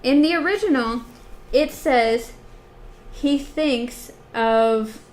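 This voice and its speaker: A woman co-hosts a book podcast, chatting casually but hesitantly with many fillers as she compares versions of a text. Her voice is on the high side, slow and a little mellow.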